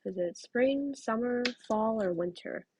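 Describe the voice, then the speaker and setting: A woman chatting casually at home while she crochets, telling rambling stories and dropping into soft asides. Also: a little high, a little slow, a little hiss or hum. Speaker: crafting vlogger. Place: home craft room.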